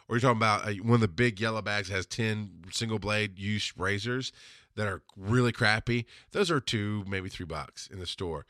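A man with a bright, forceful voice talks through pricing advice in a relaxed, storytelling way. He sounds like a podcast host who mentors his listeners. The sound is dry and close, with no room around him. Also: on the low side, no echo. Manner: chatty and mentoring, tells stories and acts out customers. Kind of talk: casual advice monologue.

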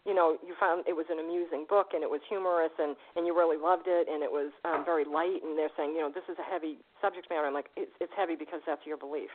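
A woman hosting a radio show, chatting with a caller and telling stories in a lively way, laughing often. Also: deep voice, a little hiss or hum. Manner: fast, animated storytelling, laughs often. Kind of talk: casual radio interview chat. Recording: tinny phone line.

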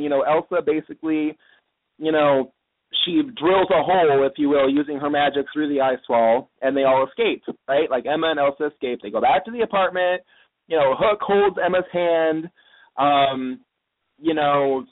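Man recapping over a tinny line. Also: fairly high pitch. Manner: rambling, lots of "you know" fillers. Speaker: podcast host. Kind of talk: casual episode recap.

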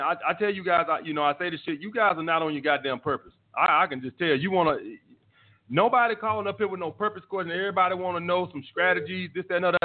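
Man, high voice, blunt and swearing, dating advice host, phone-like sound. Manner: blunt, profane, repetitive. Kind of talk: live call-in show, answering listener messages. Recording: tinny phone-like line.

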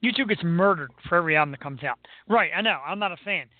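A man's voice: high-pitched, lively intonation, quick pace, no echo. A man co-hosting a casual chat, joking and teasing. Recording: tinny phone-like line, dry.

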